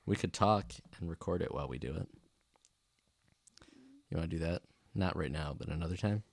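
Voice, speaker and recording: A man's voice: low-pitched, a little fast, creaky, no echo. A father chatting casually into a microphone with his young child, teasing and playful. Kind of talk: casual chat. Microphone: studio microphone.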